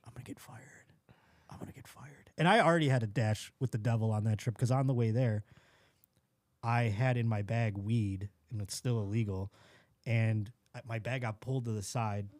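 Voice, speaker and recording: Animated man telling a comedy story. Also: fairly low pitch, normal speed, no echo. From Buffalo, New York. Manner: animated, acts out scenes with quoted voices and laughs. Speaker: comedian guest. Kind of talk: casual podcast storytelling.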